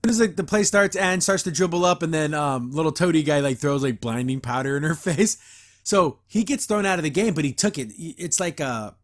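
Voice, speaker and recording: A man's voice: fairly high pitch, fairly quick. A man hosting a podcast, giving a casual, rambling episode review full of enthusiasm and frequent laughs. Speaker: podcast host.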